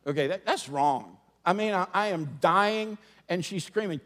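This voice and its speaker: A middle-aged man preaching a sermon, moving from humorous storytelling to quiet, earnest preaching. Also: high-pitched, normal speed. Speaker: pastor. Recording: long hall reverb.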